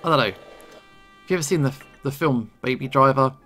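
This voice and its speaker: A gaming video creator does let's play commentary on a story game, his mid-range, fairly bright voice moving at a normal speed. He rambles casually, trips over his words and adds chuckling asides. Game music plays faintly behind him.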